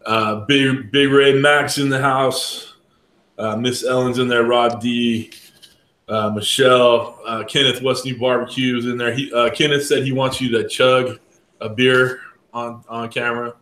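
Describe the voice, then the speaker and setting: A man co-hosting a live cooking stream, easygoing as he reads out viewer shout-outs. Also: medium pitch, steady tone, measured pace, echoey room.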